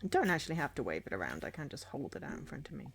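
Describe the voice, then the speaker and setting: A woman's voice: low-pitched, big pitch swings, rapid-fire, vocal fry, slightly rough. A young woman streaming a game, chatting playfully and giggling at her finds. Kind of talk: casual game stream commentary.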